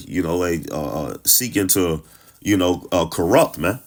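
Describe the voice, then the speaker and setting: A man's voice: low voice, unhurried. A man giving informal Bible teaching, blunt and heated, stammering through restarts and tagging nearly every phrase with 'man'. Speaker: scripture teacher.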